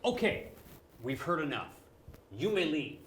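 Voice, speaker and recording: A man's voice: a little high, sing-song, a little slow, fairly bright tone, roomy sound, slight background noise. An actor playing a dismissive, mocking male casting director in a short film. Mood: contemptuous. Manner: condescending, mocking. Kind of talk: film dialogue.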